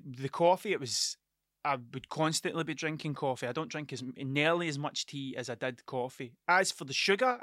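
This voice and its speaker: A middle-aged man with a fairly high, fairly bright voice hosts a casual solo podcast, telling rambling, sweary stories that keep interrupting and restarting themselves. The audio is studio quality with no echo.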